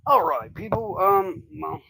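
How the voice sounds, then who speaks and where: Southern US livestream host, casual true-crime rambler, foul-mouthed, mid pitch, dry mic. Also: big pitch swings, measured pace, gravelly, bright, forceful tone, breathy edge, dry recording, rough recording. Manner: profane, rambling, chatty. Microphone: desk mic on a livestream.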